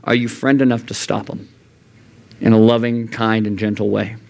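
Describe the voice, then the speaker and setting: This young adult youth pastor speaks at normal speed with vocal fry, giving an earnest sermon in a church youth room. He frequently leaps into high, animated voices to quote God and himself.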